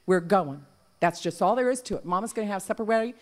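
A woman's voice: mid-range voice, fast, close to an everyday voice. A woman voicing a sly, scheming male rabbit in a folk tale, with a folksy drawl. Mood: insistent.

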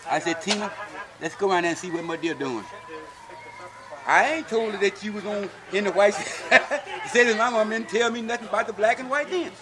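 An older interviewee from Alabama, heard over crowd noise, tells folksy stories of growing up for an oral history and keeps asking "see?" He speaks at a moderate pace in a high-pitched voice.

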